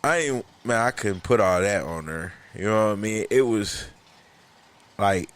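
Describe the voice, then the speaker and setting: Animated slangy man telling a story. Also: lowish voice, a little slow. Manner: animated, profane, slangy, laughs often. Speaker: podcast co-host. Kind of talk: casual storytelling chat.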